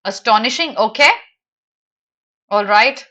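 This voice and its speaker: A native Hindi speaker with an Indian English accent teaches a live online lesson, animated and teasing as she fires off rhetorical questions. Her voice is on the high side at a normal speed, and the recording's highs are cut off.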